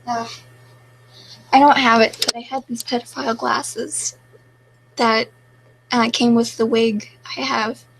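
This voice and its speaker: A woman's voice: a little high, flat delivery, measured pace, gravelly, long pauses, a bit bright, slightly rough, poor audio. A young woman casually chatting on a live stream, reading viewer questions aloud and answering them offhandedly.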